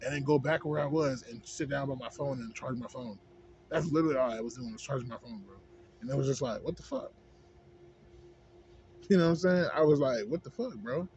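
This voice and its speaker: A man's voice: mid-range voice, fairly quick, a little mellow. A man in a casual, rambling rant, heavy on swearing and on "you know what I'm saying". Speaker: vlogger. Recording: dull lo-fi with faint background noise.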